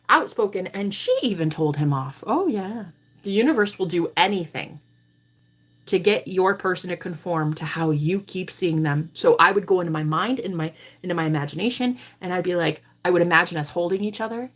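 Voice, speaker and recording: A woman's voice: lowish voice, normal speed. A woman hosting a live tarot stream, telling her viewers a story bluntly and with plenty of swearing. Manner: blunt, profane, animated storytelling. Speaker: tarot reader and livestream host. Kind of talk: livestream talk to viewers.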